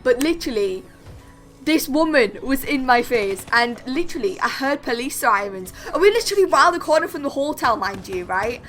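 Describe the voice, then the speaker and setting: A young woman vlogger tells a chatty storytime monologue to camera in a high, sing-song voice that's a bit bright, at normal speed. Faint music plays behind her, and she constantly says "like" and "literally."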